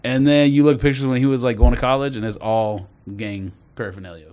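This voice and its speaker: A man's voice: medium pitch, steady tone, fast, darkish tone. A man co-hosting a casual podcast, a chatty storyteller who laughs as he talks. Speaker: podcast co-host. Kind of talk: casual chat.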